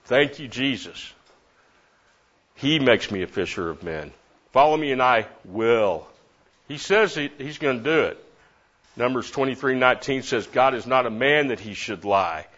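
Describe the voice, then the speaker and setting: A middle-aged man leads a Bible class, and his voice sits in a middle pitch. He repeats verses with lively emphasis on different words. The recording is a little dull and lo-fi. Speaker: Bible study teacher.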